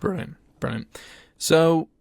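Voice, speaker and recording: A man's voice: fairly high pitch, expressive, slow, vocal fry, darkish tone, husky, no echo. A man hosting a film podcast, asking questions and affirming the guest's answers. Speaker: podcast host. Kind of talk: interview questions.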